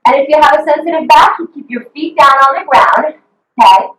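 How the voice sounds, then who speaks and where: A woman's voice: high-pitched, lively intonation, brisk, fairly bright tone, reverberant, rough recording. A woman fitness coach leading an online workout, upbeat and encouraging, counting reps and whooping, a little out of breath. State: slightly out of breath. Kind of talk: live online workout instruction.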